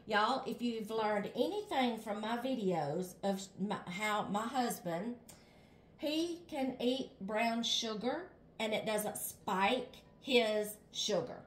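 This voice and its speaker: Her voice a little high and breathy-edged, an older woman with a Southern US accent talks slowly with lively intonation while cooking in her home kitchen. The casual vlog demonstration finds her chatting constantly, saying y'all to viewers and checking okay.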